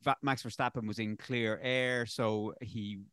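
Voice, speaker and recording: A man's voice: medium pitch, fairly even intonation, a little slow, fairly bright tone, smooth, dry recording. A man chats casually about racing, rambling and opinionated and often stopping to correct himself. His voice sits in a middle range. The recording is dry and close, with no room sound. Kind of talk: casual sports discussion.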